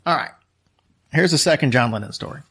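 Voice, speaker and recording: A man's voice: on the high side, animated, brisk, sharp tone, husky. A man casually telling a long story as a podcast host, rambling with fillers and restarts.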